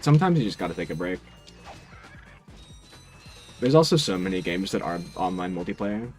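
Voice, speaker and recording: Man, game streamer, low voice, lively intonation, dry teasing casual chat. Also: moderate pace, soft background music. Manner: laid-back, dry and teasing, answers chat.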